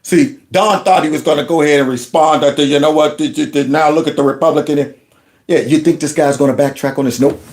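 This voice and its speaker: A man hosting reaction commentary, talking in an indignant, animated way and often stumbling over repeated words. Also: a little high, fairly quick. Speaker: commentary host.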